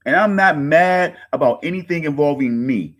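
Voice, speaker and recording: Speaking at a moderate pace with an expressive, fairly bright voice, a man in his thirties who makes online content launches into a heated rant aimed directly at his viewers. He curses, says things over again, and calls them "folks" throughout. His agitation shows as his pitch jumps upward in anger.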